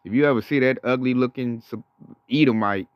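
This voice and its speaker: A man's voice: medium pitch, brisk, smooth, dry recording, dull audio. A man co-hosting casual religious commentary in a blunt, rambling, slangy way. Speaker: co-host.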